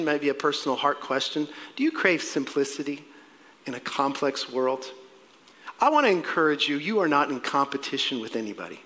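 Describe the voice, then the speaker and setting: A male pastor preaches in a church sanctuary, his voice a little high and strikingly bright and forceful. He swings from loud, emphatic exclamations to hushed, earnest appeals. His words ring out with the long reverb of the hall. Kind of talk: sermon.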